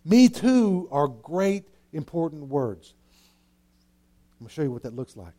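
A man's voice: medium pitch, expressive, moderate pace, warm tone. A man preaching a sermon, emphatic and repetitive, asking his listeners rhetorical questions. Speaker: pastor.

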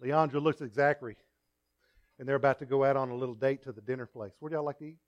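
A male pastor preaching a sermon in a conversational, storytelling way, with asides to the congregation and swings between loud emphasis and quiet remarks. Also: medium pitch, fairly even intonation, fast, dull audio.

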